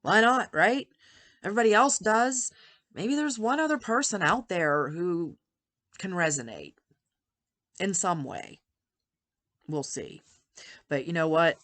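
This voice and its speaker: Fifties lady vlogging about her health, low-pitched, rambly and emotional. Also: animated, unhurried, pauses often, fairly bright tone. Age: 50s. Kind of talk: personal health vlog.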